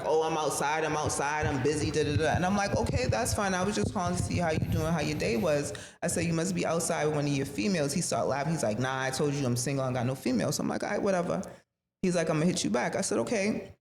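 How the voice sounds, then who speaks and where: Low-pitched and fast-talking, a woman appears as a podcast guest and tells her own story loosely, with slang and profanity. She animates it by acting out each person's quoted voice. You can hear room reverb and faint noise.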